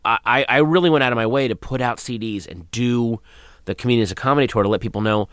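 A man, a comedian, answering interview questions in a radio studio, thoughtful and given to trailing off into soft asides. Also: medium pitch, quick pace, clear, resonant tone, no echo. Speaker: comedian guest.

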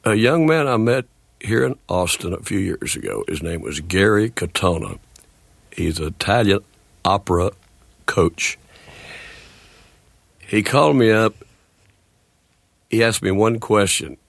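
A man in his sixties with a gravelly voice and a speech disorder, talking slowly and haltingly as a guest in a radio interview. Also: fairly low pitch, expressive, no echo. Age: 60s. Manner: halting, with restarts and slow deliberate phrasing. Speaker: guest, country singer.

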